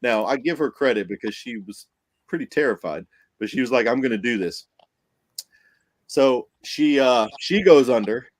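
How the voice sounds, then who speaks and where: A man, a paranormal investigator, telling a story on a podcast in a casual, animated way, acting out what people said and laughing often. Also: medium pitch, moderate pace, dry recording.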